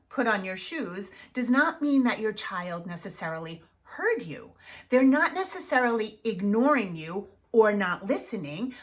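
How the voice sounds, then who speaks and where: A woman coaching parents in an emphatic, animated way, often checking in with "right?". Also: a little high. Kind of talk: advice talk to camera.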